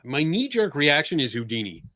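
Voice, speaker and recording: A man's voice: on the high side, big pitch swings, moderate pace, pushed and bright, no room sound, studio quality. A man with a Philadelphia accent and a stuffy nose hosts a casual livestream chat from a room at home. He rambles and halts, stumbling over restarts and laughing often. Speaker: podcast host.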